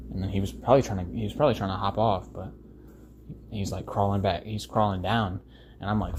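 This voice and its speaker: Rambling, profane low-voiced man. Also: level tone, a little fast, noisy background. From United States. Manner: rambling, profane, full of fillers. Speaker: podcast host. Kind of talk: solo rambling podcast chat.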